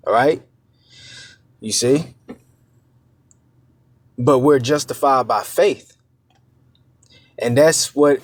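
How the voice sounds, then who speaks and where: A man giving informal scripture teaching as a preacher. He talks conversationally, often checking in with "all right?" and "man", halts on fillers and restarts, and reads verses slowly and deliberately. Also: medium pitch, no room sound. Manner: halting, with many fillers and restarts.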